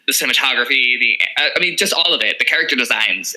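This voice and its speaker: A man's voice: medium pitch, fast talker, few pauses, pushed and bright, low-quality recording. A man with a Long Island accent co-hosting a podcast, gushing in casual chat and swearing freely. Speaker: podcast co-host.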